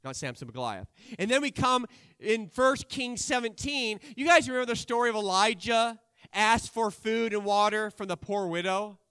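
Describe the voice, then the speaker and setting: A man preaching a sermon, acting out Bible characters' lines and swinging between loud and quiet delivery. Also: sits high, animated, moderate pace, clear, resonant tone, no echo, studio quality.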